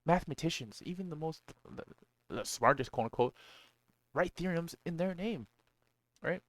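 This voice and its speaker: A man's voice: medium pitch, dry recording. A man giving a blunt, profane motivational talk, full of slang and rhetorical "right?"s. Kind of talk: casual motivational monologue.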